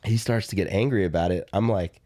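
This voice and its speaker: Man, very low voice, dry close mic, casual podcast storytelling, animated. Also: fairly quick, dry recording. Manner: animated, acts out quoted dialogue, frequent fillers. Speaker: podcast co-host.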